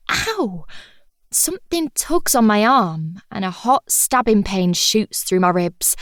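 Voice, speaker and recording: A woman's voice: mid-range voice, no room sound, clean studio sound. A woman reading a first-person audiobook in a wry, chatty, confiding manner. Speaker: audiobook narrator.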